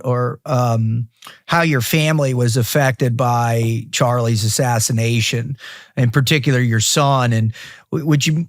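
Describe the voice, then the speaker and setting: A man's voice: medium pitch, no room sound, studio quality. A man hosting a podcast, asking rambling questions and eagerly affirming his guest in a casual interview. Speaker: podcast host.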